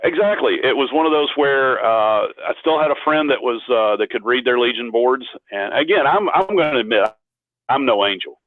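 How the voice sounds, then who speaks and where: A man's voice: mid-range voice, expressive, normal speed, no room sound. A man tells a long story as a guest, rambling and poking fun at himself as he goes. He comes through a thin, phone-like line. The sound is dry and close, with no room around it. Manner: rambling, self-deprecating, with frequent restarts. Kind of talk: casual storytelling in an interview. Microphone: phone on a call.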